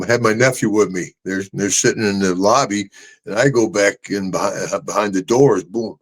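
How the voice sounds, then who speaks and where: A man co-hosting a casual talk show, telling animated road stories, laughing often and jumping high into voices when he quotes people. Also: low-quality recording. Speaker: podcast co-host, retired wrestler telling road stories. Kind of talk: casual storytelling chat.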